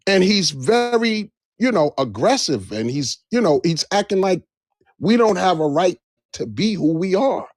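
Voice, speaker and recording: A man's voice: on the high side, lively intonation, measured pace, darkish tone, no room sound, studio quality. A man speaking in an impassioned live discussion, emphatic and repeating phrases for stress. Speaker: livestream debate participant. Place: Georgia area, on a live stream.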